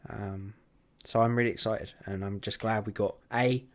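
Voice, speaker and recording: Male podcast co-host, lowish voice, casual and hesitant delivery. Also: steady tone, moderate pace. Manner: hesitant, lots of ums and restarts. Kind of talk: casual sports chat.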